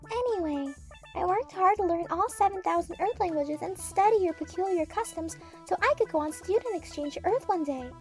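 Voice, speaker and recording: A woman's voice: very high voice, a little mellow. A woman voicing a sentient space probe in anime-girl form, childlike and chaotic, with babyish cutesy talk that flips to blunt swearing, in a comedy audio drama.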